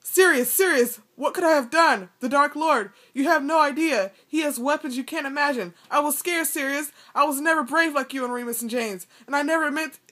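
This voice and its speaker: A woman's voice: sits high, a little fast, few pauses, bright, forceful tone, voice pushed up. A woman reading aloud and voicing a cowering male traitor who whines and pleads for his life. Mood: pleading. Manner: whining, pleading.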